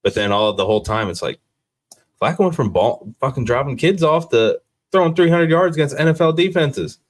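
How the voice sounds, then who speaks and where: A man's voice: medium pitch, animated. A young man co-hosting a casual sports podcast, blunt and swearing freely. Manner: blunt, swears freely, quick agreeing interjections.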